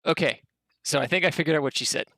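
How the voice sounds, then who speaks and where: A game master narrating a tabletop game in a joking, animated way. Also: medium pitch, fast talker, gravelly, dry recording, low-quality recording.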